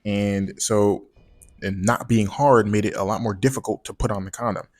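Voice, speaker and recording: A man with a fairly low voice tells a personal story straight to the camera. He talks loose and slangy, swears freely and stumbles over repeated words as he rambles on. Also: steady tone, moderate pace. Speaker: vlogger telling a personal story. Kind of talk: casual storytime monologue.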